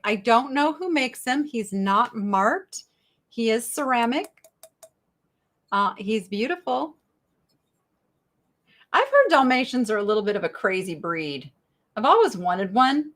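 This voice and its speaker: Middle-aged female live-sale host, bubbly and chatty, very animated pitch. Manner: chatty, bubbly, reads viewer chat aloud. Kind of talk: live-stream sales chat.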